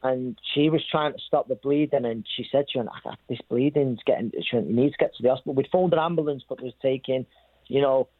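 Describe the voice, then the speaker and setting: A man tells his story in an interview, looping back and repeating phrases as he acts out what others said. His voice sits at a middle pitch, and the recording is dry and narrow, like a phone line. He talks plainly and at length. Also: quick pace, no echo. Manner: rambling, repeats himself, quotes others. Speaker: boxer telling his story. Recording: thin phone-like sound.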